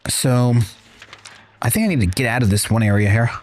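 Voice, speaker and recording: A man's voice: mid-range voice, a little fast, a little hiss or hum. A man streaming a video game, chatting casually with his viewers, rambling and swearing freely. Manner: rambling, profane, talks to chat. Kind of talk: casual chat while gaming.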